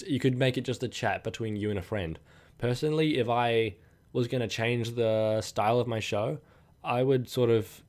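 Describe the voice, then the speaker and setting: A young man hosting his own podcast, talking casually and rambling with lots of fillers and restarts. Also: fairly low pitch. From New Zealand. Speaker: podcast host. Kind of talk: casual solo podcast talk.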